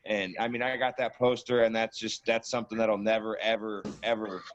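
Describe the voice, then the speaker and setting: A man's voice: lowish voice, flat delivery, brisk. A man recalls old times in a casual conversation, circling back over his words. The recording is dull and muffled. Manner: reminiscing, repeats himself. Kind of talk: casual chat.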